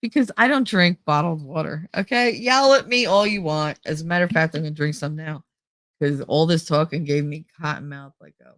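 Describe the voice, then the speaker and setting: A woman's voice: deep voice, brisk, a bit bright, no echo. A woman with a New Jersey accent chatting casually on a livestream, rambling and laughing often, a little nasal from a stuffy nose. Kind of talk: casual chat.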